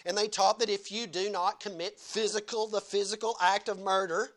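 A man's voice: sits high, steady tone, normal speed, few pauses, a bit bright. A male pastor delivering a sermon at a church service, earnest, repeating key phrases and asking rhetorical questions.

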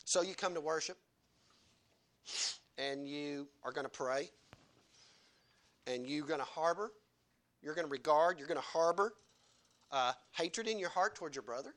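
A man delivers a sermon with a high, bright voice. He hammers his points home and keeps asking the congregation questions. He sounds like a pastor preaching from the pulpit in church. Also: normal speed, pauses often. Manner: emphatic, asks the congregation repeated rhetorical questions.

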